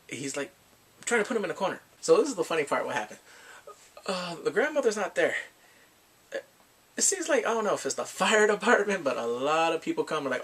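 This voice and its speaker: A man's voice: on the high side, expressive, brisk, fairly bright tone, breathy edge. A man casually recapping drama episodes, rambling and filling his talk with "like" and acted-out quotes. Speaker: drama reviewer.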